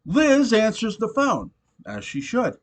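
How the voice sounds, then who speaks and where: A man casually reviewing a TV episode, animated and swearing often, laughing between points. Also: high-pitched, slow. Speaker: show reviewer.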